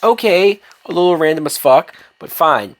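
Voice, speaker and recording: A man's voice: a little high, animated, normal speed. Man, TV reviewer, ranting video review, sarcastic, swears a lot, fed-up tone. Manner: sarcastic, profane and exasperated. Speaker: TV episode reviewer.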